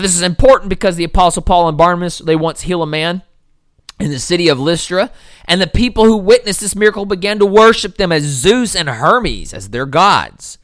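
A young man delivering a sermon, pressing hard on key words and then dropping low and quiet, stretching important words out slowly for weight. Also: clear, resonant tone, no echo, studio quality. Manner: swings from loud emphatic peaks to low quiet passages. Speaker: preacher.

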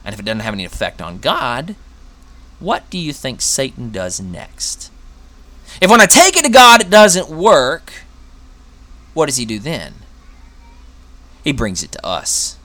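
A man's voice: medium pitch, huge pitch swings, measured pace, pauses often, pushed and bright. A man preaching a sermon in an earnest, conversational way, asking rhetorical questions and acting out quotes.

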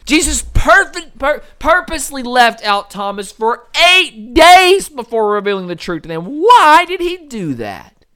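A young man delivering a sermon, pressing hard on key words and then dropping low and quiet, stretching important words out slowly for weight. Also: sing-song, clean tone, no echo, studio quality. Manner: swings from loud emphatic peaks to low quiet passages. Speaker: preacher.

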